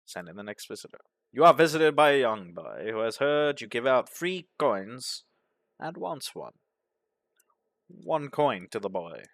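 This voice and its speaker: A man narrating a game playthrough, reading its events aloud in a deadpan manner. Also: mid-range voice, a little slow, dry recording. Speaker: gaming commentator.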